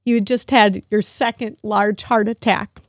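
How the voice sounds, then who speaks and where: A middle-aged woman hosting a podcast, talking warmly and emotionally to her father, grateful and close to tears. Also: medium pitch, steady tone, measured pace, no echo. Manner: emotional, grateful, at times tearful. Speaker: podcast host. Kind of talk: heartfelt family conversation.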